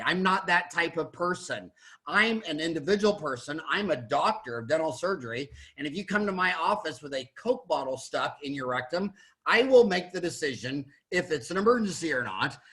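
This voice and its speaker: A middle-aged American dentist talks in a high, bright voice. He speaks bluntly and animatedly, rambling and restarting his sentences as he goes. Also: low-quality recording. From United States. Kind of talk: panel discussion monologue.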